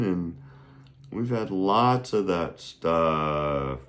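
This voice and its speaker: A man's voice: sits low, lively intonation, takes it slowly, darkish tone. A middle-aged man teaching a casual video lesson on Chinese, chatty and rambling, often checking in with "right?".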